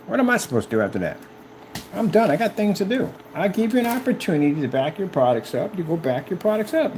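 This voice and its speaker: A man's voice: fairly high pitch, darkish tone, slight background noise. A businessman ranting at the camera, confrontational and mocking, repeating himself as he goes. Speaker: business owner.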